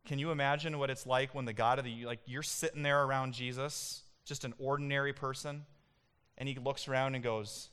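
A man's voice: mid-range voice, fairly even intonation, brisk, a bit bright, smooth. A male pastor preaching a sermon in a church, speaking emphatically and building to impassioned peaks. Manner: emphatic, rising to impassioned peaks when voicing God.

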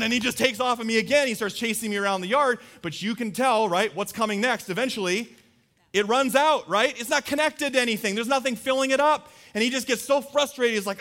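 A man in his thirties preaching a sermon to a live congregation in a church, telling stories with lively energy and acting out a child's voice. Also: brisk. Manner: animated storytelling, voicing his child in high squeals. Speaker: pastor.

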